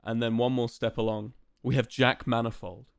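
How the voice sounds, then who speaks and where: A man's voice: medium pitch, flat delivery, moderate pace, vocal fry, clean tone, no room sound, clean studio sound. A young man streaming live, chatting casually and playfully to his viewers with lots of fillers.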